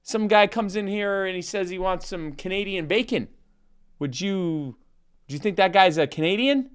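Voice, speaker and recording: A podcast co-host tells a long, stammering joke and then reads an ad in a rambling, comic way. His voice is high and smooth at a normal speed.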